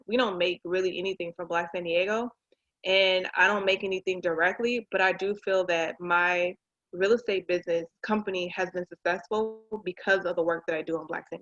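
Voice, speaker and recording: In a casual conversation, a woman in her thirties who works as a realtor and owns a business tells animated stories, acting out the people she quotes. Her voice is mid-range, and the recording sounds muffled.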